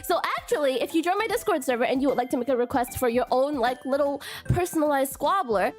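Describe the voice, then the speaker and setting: High, lively, bubbly streamer girl. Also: fast, soft background music. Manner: bubbly, nervous, keeps adding a cutesy "question mark" tag; stumbles and repeats words. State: recovering from illness, voice strained. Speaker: streamer hosting a donation stream. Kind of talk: casual live-stream chat.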